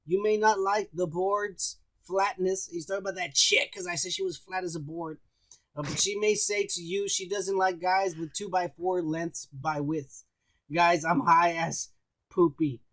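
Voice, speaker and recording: A man co-hosting a podcast in casual chat, reading out comments, crude and loud, often laughing and shouting. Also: high-pitched, fairly even intonation, moderate pace. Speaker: podcast co-host.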